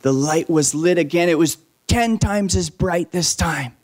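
Brief: a lively man telling a story to children, voice a bit high, asks questions. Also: unhurried. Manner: animated, asks the listeners questions.

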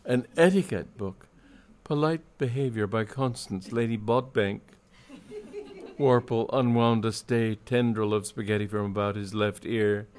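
A man reading a comic story aloud in dry, measured narration with wry timing. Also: on the low side, steady tone, a little mellow, smooth.

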